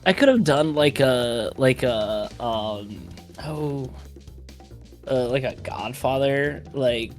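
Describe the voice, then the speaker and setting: A woman chatting on a game stream, ranting emphatically with quick bursts. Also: a bass voice, expressive, over music. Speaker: streamer, co-host. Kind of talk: casual stream chat.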